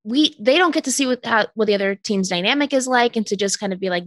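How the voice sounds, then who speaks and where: A woman's voice: medium pitch, expressive, quick pace, hardly any pauses, fairly bright tone, dry recording. A woman co-hosting a casual chat show, giggling often and trailing off to restart her sentences. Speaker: podcast co-host.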